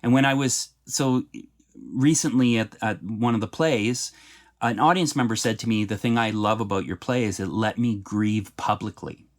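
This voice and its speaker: A middle-aged man from Canada, a playwright, speaking earnestly and with feeling in a podcast interview, and growing animated when he talks about laughter and tears. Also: on the low side, moderate pace. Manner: earnest, heartfelt storytelling.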